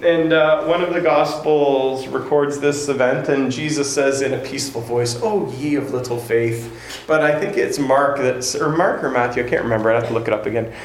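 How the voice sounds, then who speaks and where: A man's voice: mid-range voice, a little fast, hardly any pauses, a little hiss or hum. Male preacher in an echoey hall. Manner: conversational, animated storytelling with repeated words. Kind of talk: sermon. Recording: roomy hall echo, faint ambience.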